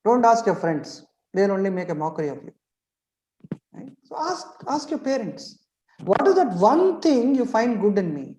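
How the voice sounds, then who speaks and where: A man's voice: high voice, lively intonation, normal speed, darkish tone, reverberant, rough recording. A middle-aged man giving a motivational webinar lecture as a trainer. He asks rhetorical questions and keeps checking in with "right?".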